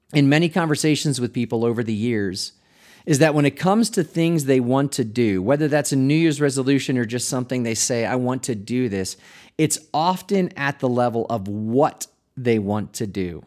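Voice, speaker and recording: Speaking at a moderate pace with a middle-pitched, slightly mellow voice, a male pastor hosts a reflective podcast conversationally and expressively. He thinks aloud, laughing lightly and restarting words.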